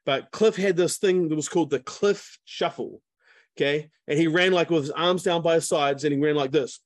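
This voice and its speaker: A man's voice: fairly high pitch, normal speed, dry recording. Chatty man telling a story. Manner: chatty, lots of fillers and asides. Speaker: speaker. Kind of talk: casual storytelling talk. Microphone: video call.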